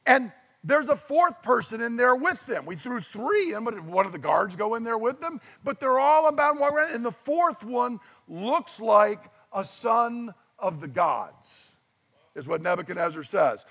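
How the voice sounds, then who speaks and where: A middle-aged pastor delivers a lively sermon. His voice sits fairly high for a man, and he tells the story with animated, acted-out voices. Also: normal speed, long reverb tail.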